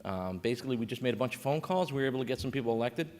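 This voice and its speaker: A man's voice: mid-range voice, expressive, racing, darkish tone. A man giving a conversational conference panel talk as a state coordinator, with frequent fillers and restarts. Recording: reverberant conference hall.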